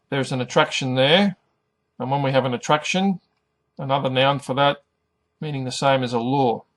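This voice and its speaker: A middle-aged man teaching an English lesson, pronouncing each word carefully and deliberately. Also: medium pitch, a bit bright. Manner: careful, over-articulated pronunciation. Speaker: ESL teacher.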